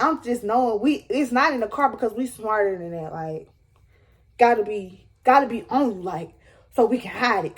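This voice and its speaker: A young woman tells a story to her viewers, dramatic and animated. Her voice sits high and bright for a woman. She talks casually, drawing the listener in. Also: slightly rough. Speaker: vlogger telling a story. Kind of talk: storytime vlog.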